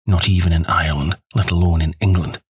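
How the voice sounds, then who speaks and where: Brief: male reader as a hearty boastful distiller, low husky voice. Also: steady tone, a little fast, no echo, studio quality. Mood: proud. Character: proud male Scottish whisky distiller.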